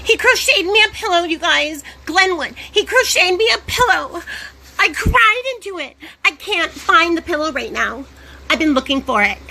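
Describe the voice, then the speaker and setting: A woman's voice: very high-pitched, pushed and bright. A woman talking on her own channel in a giddy, defiant, profane vlog manner. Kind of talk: casual vlog talk.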